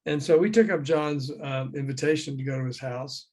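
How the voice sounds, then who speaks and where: An older man, a former record promoter, telling lively anecdotes as an interview guest over a video call, acting out the people he quotes. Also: mid-range voice, a little fast. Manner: lively raconteur who acts out the people he quotes.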